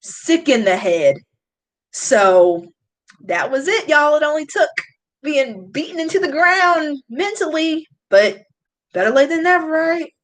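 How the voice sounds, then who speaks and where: A woman's voice: sits high, sing-song, measured pace, a bit bright, rough recording. A woman, chatting casually and confiding in viewers on a live stream. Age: late 20s. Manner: emotional, confiding, talks straight to chat. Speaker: YouTube beauty vlogger.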